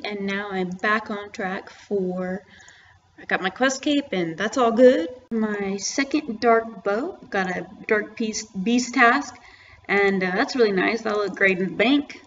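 A young adult woman giving casual, excitable gameplay commentary, full of slang and rambling asides. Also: medium pitch, slow, dull audio, slight background noise. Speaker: gaming channel host.

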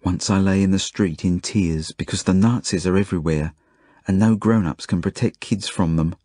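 A man reading an audiobook as a first-person narration, in plain, measured storytelling. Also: sits low, dark tone, no echo, studio quality. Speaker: audiobook reader.

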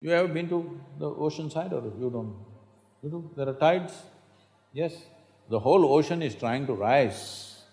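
A man addresses an audience. He speaks emphatically, pressing rhetorical questions with dry humor, in a fairly high voice. A long reverb from a large hall hangs on his words. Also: a little mellow. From India. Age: 60s. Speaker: spiritual teacher. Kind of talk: public talk to an audience.

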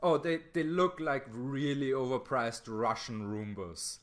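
Joking man in casual podcast chat. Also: mid-range voice. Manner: joking, laughs often, quick asides. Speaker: podcast co-host.

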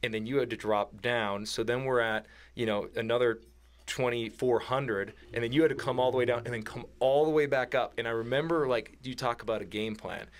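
A man recounting a mountain hunt in relaxed podcast talk. He gets animated, laughs through the story and slips into quoted voices of his hunting partner. His pitch sits in the middle range. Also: fairly quick. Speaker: podcast guest. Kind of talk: casual storytelling.

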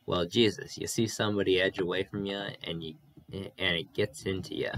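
A man putting on a self-pitying one-eyed junkyard man from a storybook, whining and stumbling over his words. The voice sits low but has a bright, forceful edge. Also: fairly even intonation, fairly quick, no room sound.

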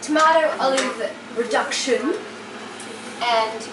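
A woman speaking in a calm, explanatory way, chatting casually with her housemate. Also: on the high side, slow. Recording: echoey room, distant, noisy.

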